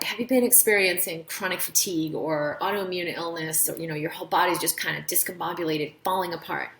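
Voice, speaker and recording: A woman's voice: on the low side, roomy sound, slight background noise. A woman doctor hosting a casual live-stream talk, explaining health ideas and telling stories with acted-out voices. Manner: animated storytelling, acts out quoted voices. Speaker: doctor and show host.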